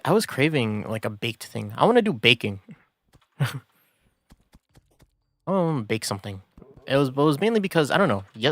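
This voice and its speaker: A man's voice: mid-range voice, fairly bright tone, no echo. Laid-back rambling male streamer. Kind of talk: casual gaming stream chat.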